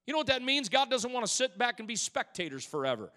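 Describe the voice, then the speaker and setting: A man preaching a sermon as pastor in a church, swinging between loud exclamations and hushed asides and calling out to the congregation. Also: very high-pitched, big pitch swings, fast. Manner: calls out to the congregation. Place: church sanctuary. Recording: long church hall reverb.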